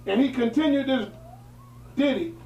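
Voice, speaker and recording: A man with a very high voice reads an old historical account aloud to a small group and stops often for plain-spoken, emphatic preaching asides. He sounds distant from the mic, and his voice bounces around a roomy space. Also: moderate pace, a little mellow, lo-fi sound. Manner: switches from formal reading to emphatic colloquial asides. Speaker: religious teacher. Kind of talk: reading a historical text aloud with preaching commentary. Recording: echoey room, distant mic.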